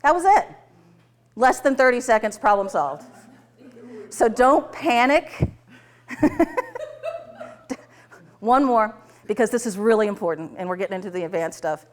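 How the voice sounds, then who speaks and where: A woman teaching a tapping workshop, telling client stories to a live class, laughing often and acting out the dialogue in lively voices. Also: medium pitch, a little slow, pauses often.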